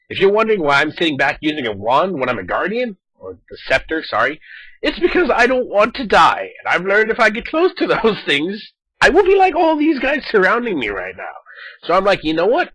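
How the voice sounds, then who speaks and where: A man chatting casually over his gameplay footage, animated and talkative, acting out quoted lines as he goes. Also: on the high side, no echo, poor audio. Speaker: gaming video host.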